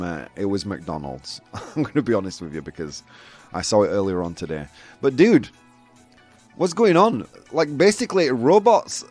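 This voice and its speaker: Chatty Yorkshire man hosting a show. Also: medium pitch. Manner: chatty, laughing often, full of fillers. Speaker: host. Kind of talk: casual live show chat.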